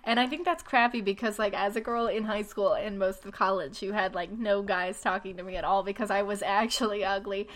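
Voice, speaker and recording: A woman's voice: medium pitch, steady tone, a little fast, hardly any pauses, fairly bright tone, slight background noise. A young woman talks in a loose, casual chat with a mid-range voice. She is sarcastic and mocking and laughs often.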